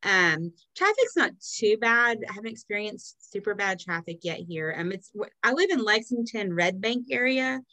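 A woman's voice: medium pitch, lively intonation, moderate pace, few pauses, bright, forceful tone, no room sound, poor audio. Chatty swearing middle-aged woman from Texas. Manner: chatty, swears freely, frequent ums and laughs. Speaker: podcast co-host. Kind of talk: casual chat.

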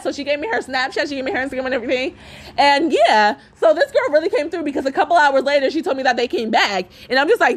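A young woman with a high, girlish voice tells a story from her own life as a podcast rant. She curses freely, acts out what each person said, and keeps breaking into laughter. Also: racing. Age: young adult. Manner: profane, animated storytelling, acts out dialogue, laughs often. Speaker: podcast host.

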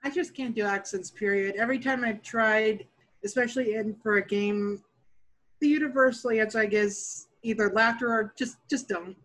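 Chatty woman guest, slightly high voice. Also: steady tone, normal speed, a bit bright, rough recording. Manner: candid, chatty, laughs at herself. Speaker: guest dungeon master. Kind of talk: casual interview chat.

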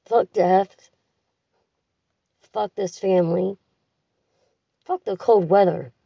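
Gravelly, husky woman venting into a phone. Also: medium pitch, slow, warm tone, no room sound. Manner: profane, bitter and grieving. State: tired. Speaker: caller leaving a voice message. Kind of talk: raw venting voice message. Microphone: phone voice recording. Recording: dull lo-fi phone audio, distant from the mic.

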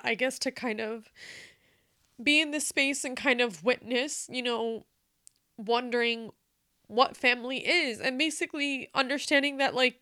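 A young woman speaks in a personal podcast monologue, candid and emotional, with lots of fillers and the odd swear word. Her voice sits a little high and sounds smooth and clear. It is recorded close and dry, with no room sound. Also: sharp tone, no echo. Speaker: podcast host.

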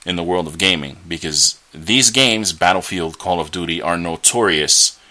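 Man, podcast host, very low voice, bright forceful tone, rambling, opinionated, scornful. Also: moderate pace. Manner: opinionated, rambling, with frequent fillers and restarts; scornful rants. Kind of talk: solo podcast commentary.

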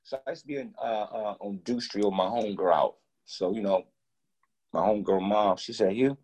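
A man guest telling a story in casual talk, animated and profane, acting out both sides of each conversation. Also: lowish voice, fairly quick.

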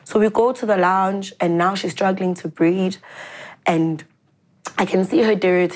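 A woman telling a personal story in an interview, in an earnest, halting way. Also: medium pitch, steady tone, darkish tone. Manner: earnest, halting, mixes English and isiZulu phrases.

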